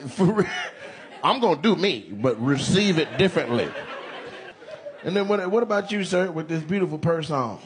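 A man's voice: a little high, huge pitch swings, a little slow, long pauses. A man doing stand-up crowd work, teasing audience members with playful banter on a comedy club stage. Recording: live club with loud crowd. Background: audience laughter.

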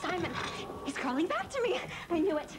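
A fiery, high-voiced young woman. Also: sing-song, fairly quick. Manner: emotional, sharp-tongued. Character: young woman, dramatic and quick-tempered. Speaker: sitcom character. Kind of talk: 1990s sitcom acting. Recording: hissy old TV broadcast.

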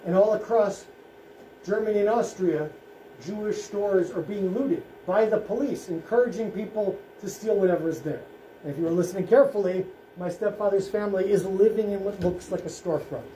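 A man, a rabbi, giving a solemn presentation at a school in short, measured phrases. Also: high voice, dark tone, a little hiss or hum. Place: school room. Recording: echoey room, faint ambience.

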